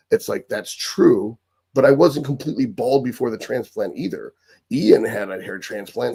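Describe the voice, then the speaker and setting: A man with a husky, slightly rough voice holds forth in a live Q&A monologue. He talks bluntly and profanely, repeating phrases to drive his points home. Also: medium pitch, mellow. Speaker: host answering viewer questions.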